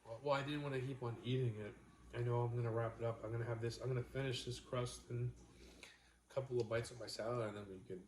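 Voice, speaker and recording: A young man chatting casually on a vlog, relaxed and matter-of-fact. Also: medium pitch, fast. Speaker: vlogger. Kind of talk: casual chat. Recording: echoey room with background noise.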